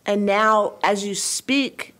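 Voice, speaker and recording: A woman calls in to a radio show and talks through tears. She is halting and emotional, often restarting her sentences. Her pace is unhurried, and her voice sits at an ordinary pitch for a woman. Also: a bit bright. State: crying. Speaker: caller. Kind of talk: call-in conversation.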